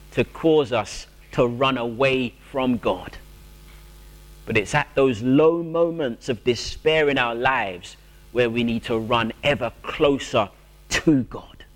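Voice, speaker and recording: A man preaching a sermon, drawing out his phrases, rising to emphatic peaks and falling to a soft hush on solemn words. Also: fairly high pitch. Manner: slow, drawn-out preaching with swelling emphasis.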